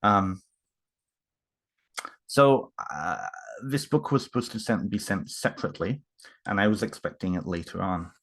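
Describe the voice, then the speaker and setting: A man unboxing books in a casual home vlog, talking haltingly with many fillers and restarts, moved and emotional. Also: low-pitched, vocal fry, a bit bright.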